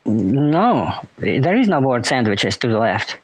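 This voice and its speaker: A man's voice: medium pitch, sing-song, slow pace, no echo, rough recording. A man co-hosting a podcast, bantering casually and musing in a philosophical way. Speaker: podcast co-host. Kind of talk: casual chat.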